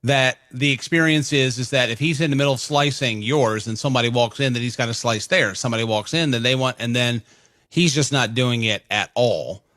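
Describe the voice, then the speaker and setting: Man, radio co-host, teasing jokes, bright edgy voice, dry close mic. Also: medium pitch, fairly quick, dry recording. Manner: wisecracking, teasing. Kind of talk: casual studio banter. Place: radio studio.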